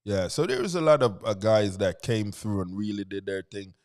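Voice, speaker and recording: Animated man with a Jamaican accent. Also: fairly low pitch, moderate pace. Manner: animated storyteller, laughs easily. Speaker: guest. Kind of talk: casual chat.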